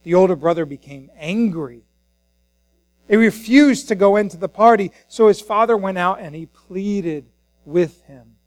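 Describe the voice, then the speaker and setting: A high-pitched man preaches with passion to a church congregation, giving the figures in his scripture reading voices of their own. His voice sounds dry and close, with faint music behind him. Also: a little slow, no room sound, poor audio. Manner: impassioned, acts out the scripture voices. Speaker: pastor. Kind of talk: sermon.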